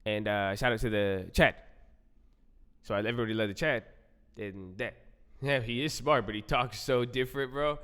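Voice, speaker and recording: Laid-back man with a smooth low voice. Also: normal speed, pauses often, fairly bright tone, long reverb tail. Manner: loose, rambling, repeats himself, says "bro" and "man" a lot. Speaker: livestream host. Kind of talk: casual livestream chat.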